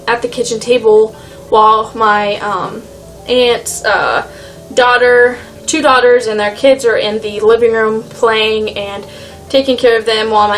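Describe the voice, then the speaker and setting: A young woman rambles through a personal story to camera, full of "like" and "um". Her voice sits a little high. Soft music plays underneath. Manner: rambling, lots of "like" and "um". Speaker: vlogger. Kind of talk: casual storytime vlog.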